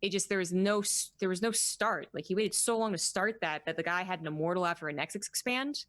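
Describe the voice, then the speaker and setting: A woman's voice: lowish voice, brisk, a bit bright. A woman co-casting a strategy game match live, chatty and opinionated, teasing her partner. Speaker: esports co-caster. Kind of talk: live commentary and banter.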